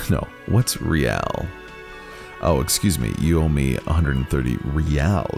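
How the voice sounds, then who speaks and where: A man's voice: very deep voice, gravelly, a little mellow. A man hosting a let's play, reading a game's dialogue aloud and musing between lines. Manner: musing, reads all parts with shifting voices. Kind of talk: reading game dialogue aloud while playing.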